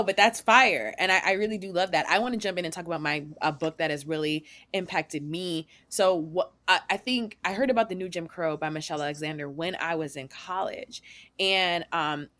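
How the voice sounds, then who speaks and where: A young woman from the Northeastern US hosting a podcast interview, talking in a quick, animated way with many fillers. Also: lowish voice. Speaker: podcast host. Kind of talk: conversational interview.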